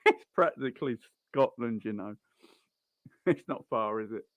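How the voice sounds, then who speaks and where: A man talking casually through a live football watchalong, rambling and answering his viewers between the action. His voice sits at an ordinary middle pitch. It is picked up dry and close, with no room sound around it. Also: lively intonation, measured pace, fairly bright tone, no echo, dull audio. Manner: chatty and rambling, greets viewers and answers chat. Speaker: live-stream host.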